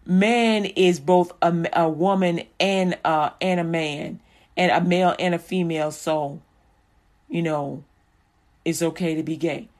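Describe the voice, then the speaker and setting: Mocking bit: a woman doing a low, mumbling, hesitant person who hedges every word. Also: fairly even intonation, darkish tone, close to an everyday voice. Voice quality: halting, hedging, full of ums.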